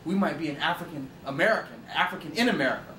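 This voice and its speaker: A man's voice: fairly high pitch, animated, racing, pushed and bright, far from the mic, slight background noise. A man giving an informal lecture, emphatic and profane, often asking his listeners rhetorical questions. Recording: roomy echo, voice away from the mic.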